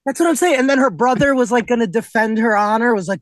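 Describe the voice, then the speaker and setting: A young man who works as a substitute teacher tells blunt, profane stories on a casual podcast, acting out the kids' lines. His voice is very high-pitched and quick, recorded dry.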